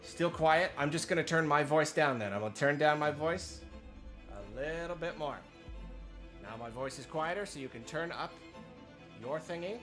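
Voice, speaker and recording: Faint music from an awards show plays on a TV as a streamer fixes his desk-mic audio. His voice is on the high side, expressive and a bit bright at a moderate pace, and he chats apologetically, flustered and laughing at his own expense.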